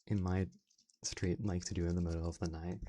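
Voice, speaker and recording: A man's voice: low-pitched, warm tone, slight background noise. A man chatting playfully as an ASMR streamer, reacting to his audience with frequent laughs. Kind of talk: casual ASMR stream chat.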